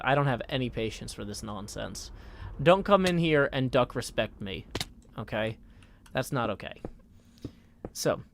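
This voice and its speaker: A man in his thirties chatting casually on a live game stream, scattered and quick to mock-indignant outbursts. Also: medium pitch, a bit bright.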